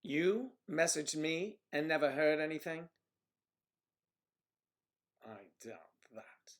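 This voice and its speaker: A man hosting a casual livestream, rambling through stories and viewer messages and trailing off into low mutters as he clicks around. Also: lively intonation, slow, fairly bright tone. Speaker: livestream host.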